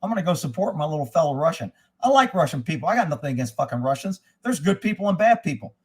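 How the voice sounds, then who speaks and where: A middle-aged man with a notably high voice rants to his livestream chat. He swears freely and gets heated as he answers viewers, in a casual off-the-cuff way. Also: very animated, quick pace, a little mellow, slightly rough. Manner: profane and heated, reacting to chat. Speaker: livestream host.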